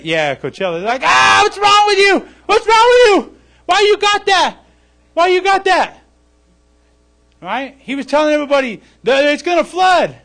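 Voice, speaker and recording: A man preaching a sermon in a conversational way, often checking in with "okay?" and "right?" and acting out mocking voices. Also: high voice. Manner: acts out mocking voices loudly. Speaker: pastor. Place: church service.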